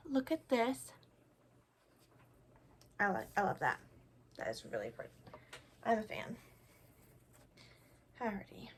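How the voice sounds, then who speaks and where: A young woman, a beauty vlogger, chats casually and pokes fun at herself while testing and applying makeup in a relaxed tutorial. Her medium-pitched voice swings widely in pitch, moving slowly with long pauses, and there's slight background noise.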